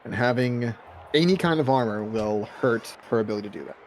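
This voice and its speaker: A man's voice: mid-range voice, expressive, a little fast, some chatter behind, a little hiss or hum. A man playing a tabletop role-playing game, talking in exasperated, sarcastic banter with the group. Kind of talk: casual in-character banter.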